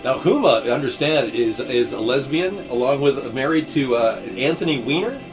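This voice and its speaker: A man hosting a live-stream comedy chat, playful and jokey and quick to laugh. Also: medium pitch, animated. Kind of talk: comedic banter. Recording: music playing behind.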